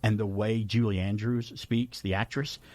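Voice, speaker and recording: A man hosting a radio show, chatting casually through trivia numbers in an animated way and laughing often. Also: lowish voice, normal speed, no echo. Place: radio studio. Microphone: studio microphone.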